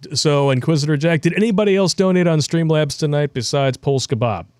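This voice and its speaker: A man hosting a live show, reading out donations and messages in a quick, wry way. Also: fairly high pitch, darkish tone, clean tone, dry recording, clean studio sound. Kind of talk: casual chat, reading donations.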